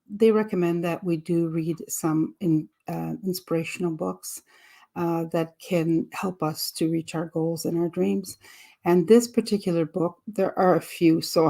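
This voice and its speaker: A woman's voice: lowish voice, dark tone. A woman with a French accent reading a book aloud in a casual, hesitant way, with many fillers and restarts. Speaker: audiobook reader.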